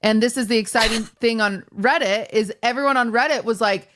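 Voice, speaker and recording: Woman podcast host, kinda high voice, acts out what people said, super chatty. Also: brisk, slight background noise. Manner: animated storyteller, acts out quotes. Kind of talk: casual podcast chat.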